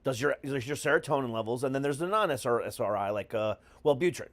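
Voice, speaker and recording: A man's voice: mid-range voice, a little fast. A man hosting a podcast in casual chat, talking candidly and crudely with jokes. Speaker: podcast host.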